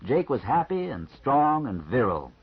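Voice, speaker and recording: A man reading an audiobook, voicing a calm male doctor who explains things frankly and matter-of-factly. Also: mid-range voice, husky. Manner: measured, matter-of-fact explaining. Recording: slightly muffled lo-fi recording.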